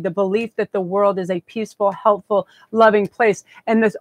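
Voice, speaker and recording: A woman reads tarot on a live stream and gushes with excitement, her words tumbling out breathlessly. Her voice sits at an everyday middle pitch. The sound is close and dry, with no room around it. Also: no room sound. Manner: effusive, breathless, gushing. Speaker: tarot reader.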